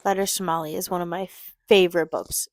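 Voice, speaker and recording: A woman's voice: on the low side, fairly even intonation, fast talker, no echo. A young woman co-hosting a podcast, gushing about books in casual chat and swearing freely. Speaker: podcast co-host.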